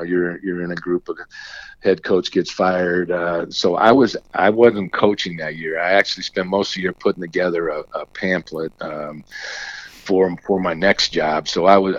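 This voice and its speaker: A man's voice: low voice, dry recording. An older man from Indiana, a former basketball coach, telling long stories with many restarts as an interview guest. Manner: rambling, many restarts, acts out quoted talk. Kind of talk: storytelling interview chat. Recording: dry, slightly dull recording.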